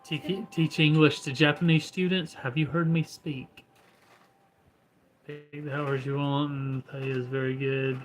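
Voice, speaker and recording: A man's voice: fairly high pitch, little pitch movement, measured pace, rough recording. A man chatting casually at home, easygoing with dry humor. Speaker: homesteading vlogger. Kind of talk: casual chat.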